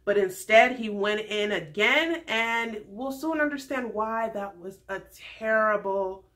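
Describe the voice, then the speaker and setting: A young woman in her twenties giving a frank, animated casual recap of a TV show as the host of her vlog. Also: medium pitch, measured pace. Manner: frank, animated storytelling with candid opinions.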